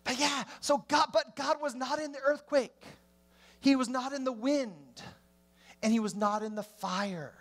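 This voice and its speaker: Preacher guy giving a sermon, slow and deliberate, goes loud with questions then quiet. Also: very high voice. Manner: swings between emphatic rising questions and hushed drops.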